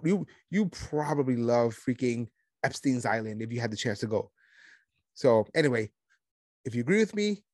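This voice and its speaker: A man's voice: medium pitch, a little mellow, no echo. A man from Puerto Rico hosting a podcast, giving blunt, indignant commentary with self-mocking asides. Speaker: podcast host. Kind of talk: opinionated commentary.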